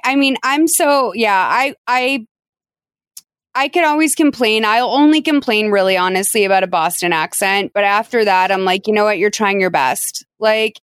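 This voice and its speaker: A woman hosting a podcast in casual chat, talking in a chatty, animated way with lots of fillers. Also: mid-range voice, clear, resonant tone, no room sound. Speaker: podcast host.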